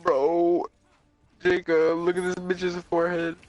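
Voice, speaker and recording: A man's voice: high-pitched, completely flat delivery, slow, no echo, lo-fi sound. A man ribbing his friends in casual banter, crude and teasing, saying "bro" a lot. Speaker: podcast co-host.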